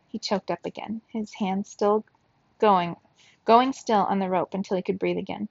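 A woman reading a children's novel aloud in steady storybook narration. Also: medium pitch, moderate pace, gravelly, no echo, lo-fi sound. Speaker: reader.

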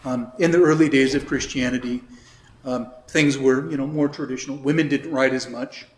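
A man's voice: mid-range voice, fairly even intonation, normal speed, a little hiss or hum. A man, a priest, giving an informal catechism class, explaining in a chatty way with asides and reading scripture aloud. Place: church hall or classroom. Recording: echoey room.

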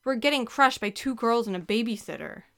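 A woman's voice: fairly high pitch, animated, brisk, gravelly. A woman voicing a whiny young boy who complains about losing in a storybook reading.

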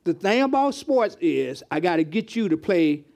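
A man with a high voice preaches to his congregation in a loose, conversational style. He asks questions of people in the room and often repeats words as he goes. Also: big pitch swings, moderate pace, gravelly, a little mellow. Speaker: pastor. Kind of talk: interactive sermon teaching. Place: church hall with congregation.

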